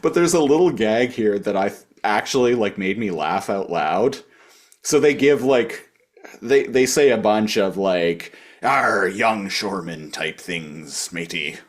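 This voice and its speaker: Man, podcast co-host, lowish voice, lively pitch, loose casual chat. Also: a little slow. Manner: loose, lots of "like".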